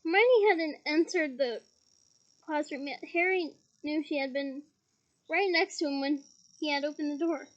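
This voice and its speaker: High-voiced woman reading a novel aloud. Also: measured pace, lo-fi sound. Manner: breaks off with chatty asides and laughs at slips. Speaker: audiobook reader.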